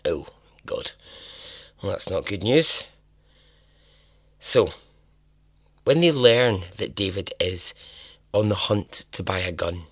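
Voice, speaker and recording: A man's voice: fairly low pitch, no echo, clean studio sound. A man hosting a podcast, telling a true-crime story in a casual, chatty way, laughing and swearing now and then. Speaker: podcast host.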